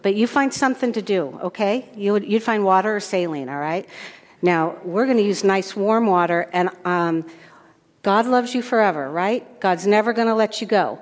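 Woman pastor doing a kids' sermon, gentle and patient, lots of questions, long churchy echo. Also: medium pitch, normal speed. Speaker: pastor leading a children's message. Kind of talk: children's sermon. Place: church sanctuary.

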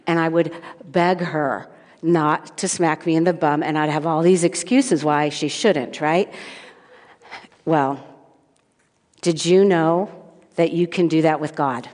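A woman's voice: fairly low pitch, fairly even intonation, a little slow, a little mellow, long reverb tail. A woman giving a children's sermon in church, asking the children questions and telling playful stories from her own childhood.

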